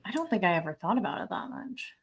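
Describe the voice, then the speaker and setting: A woman's voice: on the low side, sing-song, quick pace. A young woman co-hosting a podcast, chatting casually with a friend, laughing easily and dropping "like" into her sentences. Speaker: podcast co-host. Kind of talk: casual chat.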